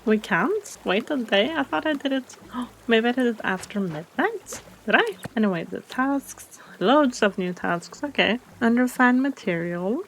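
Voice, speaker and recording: Gravelly woman chatting through a game. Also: on the high side, expressive, unhurried, fairly bright tone, a little hiss or hum, poor audio. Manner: thinking aloud, chatty, easily surprised. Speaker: Let's Play host. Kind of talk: casual game commentary.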